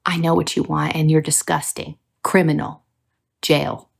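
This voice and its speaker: A woman's voice: low-pitched, a little slow, vocal fry, slightly rough. A young adult woman hosting a casual book review video, ranting with plenty of swearing. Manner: ranting, profane, animated.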